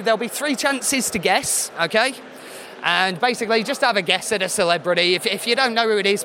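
A man hosting a live quiz show in a deadpan, sarcastic way, slightly hoarse as he loses his voice. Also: high-pitched, a little hiss or hum. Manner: deadpan sarcasm, teasing the audience.

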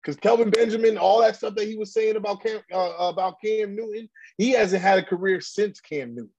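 Husky, higher-voiced man ranting bluntly. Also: a little fast, darkish tone, lo-fi sound. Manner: heated, blunt ranting with slang and repeated restarts. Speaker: podcast host. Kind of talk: casual podcast chat.

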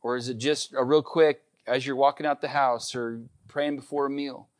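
A man's voice: mid-range voice, steady tone, normal speed. A middle-aged man preaching a sermon, earnest and emphatic, repeating key points. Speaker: pastor.

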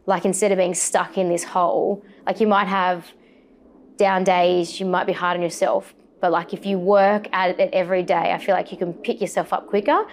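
Aussie woman chatting in an interview, lots of um and like, fairly low voice. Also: little pitch movement, normal speed, slight background noise. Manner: chatty, many fillers and restarts. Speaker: sports presenter and reporter, guest. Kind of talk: casual interview chat.

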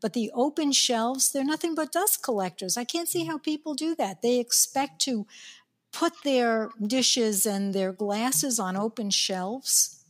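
A woman's voice: on the high side, measured pace. A woman from New York leading a casual chat about kitchen design. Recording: long reverb in the room.

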